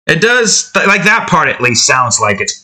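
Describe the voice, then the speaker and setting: Very animated and fairly high-pitched, a man speaks at a moderate pace in a pushed, bright voice. He's a game dev vlogger musing to himself while tweaking his game's sound effects, rambling, self-interrupting, and chuckling.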